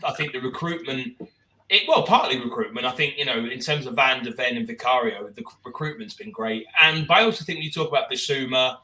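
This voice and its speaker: A man's voice: medium pitch, fast talker, sharp tone, echoey room, recorded from a distance, low-quality recording. A man co-hosting a podcast, chatting about football in a rambling, enthusiastic way with many restarts. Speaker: podcast co-host. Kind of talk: casual football chat.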